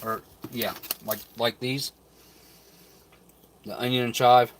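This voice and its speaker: A man in the middle of his range talks easily to a live audience while he opens wrappers and tries food. He muses out loud in a relaxed, unhurried way, sometimes mid-chew. Faint room noise sits under his voice. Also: mid-range voice. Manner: relaxed, thinks aloud, talks with mouth full. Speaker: channel host reviewing rations. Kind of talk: casual live-stream chat while tasting food.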